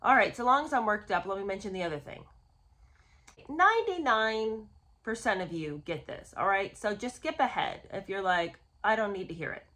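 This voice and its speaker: A woman hosting a casual book review, talking in an animated, sarcastic way with exasperated asides. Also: medium pitch, normal speed. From United States. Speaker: host.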